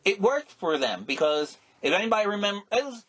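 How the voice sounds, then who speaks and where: A middle-aged man co-hosting a casual podcast, rambling and animated, with many restarts and exclamations. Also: sits high, fairly quick. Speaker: podcast co-host. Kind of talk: casual chat.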